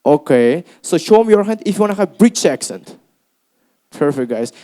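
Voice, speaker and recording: A young man with an Uzbek accent teaching a speaking workshop to a class, lively and encouraging, often calling them guys. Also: on the high side, normal speed. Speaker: English teacher. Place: classroom with students.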